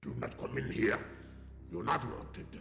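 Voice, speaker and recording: Hostile, possessive shrine keeper for a retro game: deep gravel, slow, wild swooping delivery. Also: male voice, big pitch swings, a bit bright, soft background music, exaggerated voice. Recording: dull lo-fi game audio.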